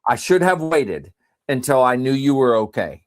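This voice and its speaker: Speaking at medium pitch and a moderate pace, this podcast host trades in casual chat and storytelling. He tells his stories with animation and frequent laughter.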